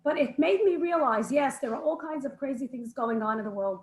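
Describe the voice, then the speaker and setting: A woman telling a personal story at a women's gathering over a video call, emotional and halting, restarting her sentences. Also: high voice, lively intonation, reverberant, rough recording. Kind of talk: heartfelt storytelling.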